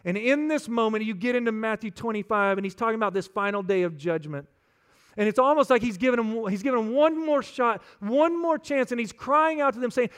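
A man delivers a sermon with a strikingly high pitch for a male voice. His tone is smooth and clear, and he talks to the congregation in an earnest, conversational way. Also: brisk. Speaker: pastor.

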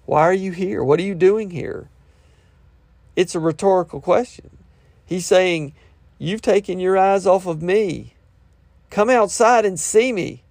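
A man's voice: sits high, vocal fry, a little mellow, no room sound. A man preaching a sermon, reading scripture verses aloud and breaking off to explain them in plain, conversational words.

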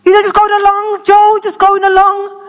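A woman preaching a passionate sermon that rises to shouts, recorded in an echoey church hall. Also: very high-pitched, monotone, normal speed.

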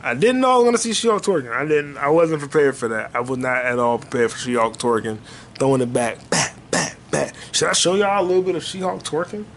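A man hosting a podcast, riffing in a loose, jokey comedic monologue that jumps into high excited bursts. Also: brisk, slight background noise. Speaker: podcast host.

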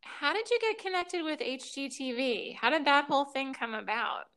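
A woman's voice: high-pitched, moderate pace, pushed and bright. A woman interviewing a guest, asking casual questions and laughing along. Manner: friendly, laughs along, short backchannels.

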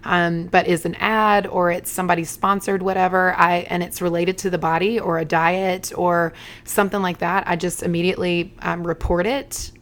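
Woman, 30s, low-pitched co-host, direct and no-nonsense. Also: moderate pace. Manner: frank, matter-of-fact, steady. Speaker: podcast co-host. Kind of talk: faith-based casual conversation.

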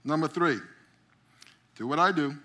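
A middle-aged instructor teaching memory drawing to a group speaks at a measured pace in a slightly high voice. Along the way, he animatedly tells little stories and voices the characters.

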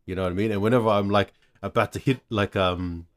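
A man's voice: deep voice, fairly even intonation, a little fast, few pauses. A man in a casual podcast chat, telling family stories in an easygoing way with lots of fillers. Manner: easygoing storyteller with many fillers.

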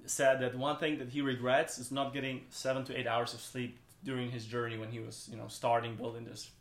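A man talks casually as a podcast guest, circling his points with restarts and fillers. His voice sits at an ordinary middle pitch. The room around him rings with audible echo. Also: little pitch movement, fairly quick. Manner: rambling, frequent restarts and "like". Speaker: podcast guest, brand co-founder. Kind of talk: casual interview chat.

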